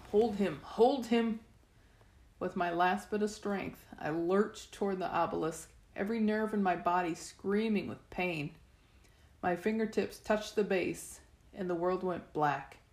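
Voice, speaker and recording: Woman narrating an audiobook in an echoey room. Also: mid-range voice. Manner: steady storytelling with the odd restart. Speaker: reader. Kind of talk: first-person audiobook narration.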